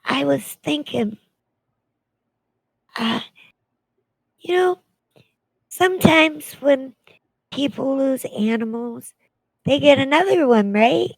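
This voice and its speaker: Woman player in a tabletop game, high voice, slow and hesitant, bit of fry. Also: lively intonation, no room sound, rough recording. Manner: soft, hesitant and playful. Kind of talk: in-character tabletop role-play.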